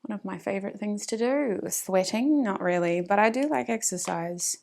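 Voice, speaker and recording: A woman's voice: medium pitch, normal speed, gravelly, a little mellow. A woman with an Australian accent giving a casual tarot reading, chatting to spirit and to her viewers and often laughing. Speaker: tarot reader.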